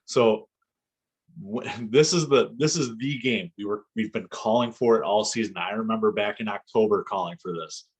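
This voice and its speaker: Husky-voiced excitable man chatting football. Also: lowish voice, moderate pace. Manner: animated, excitable, laughs often. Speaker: podcast co-host. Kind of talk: casual football chat.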